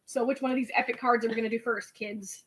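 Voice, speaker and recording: A woman in her late twenties hosting a casual chat, animated and giggly, playing with silly voices. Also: a little high, quick pace, slight background noise, rough recording. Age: 20s. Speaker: host.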